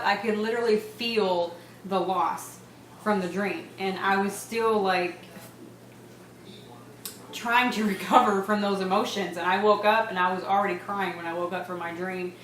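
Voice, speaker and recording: A woman in her thirties talks through a casual home vlog at an ordinary pitch. She rambles, laughs often and leans on fillers. The room sounds echoey, with a faint hum behind her. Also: a bit bright. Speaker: vlogger. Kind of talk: casual pregnancy update vlog.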